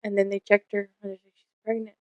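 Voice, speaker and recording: A woman's voice: mid-range voice, monotone, rapid-fire, darkish tone, no echo, highs cut off. A young woman co-hosting a casual podcast, telling stories candidly and swearing freely, acting out the lines of the people in them. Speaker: podcast co-host.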